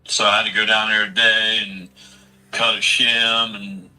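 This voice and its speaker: A man's voice: fairly low pitch, flat delivery, measured pace, bright, forceful tone, recorded from a distance, rough recording. A man in his forties in casual chat, talking bluntly and with a lot of swearing as he rambles through a family story. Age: 40s. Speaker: streamer.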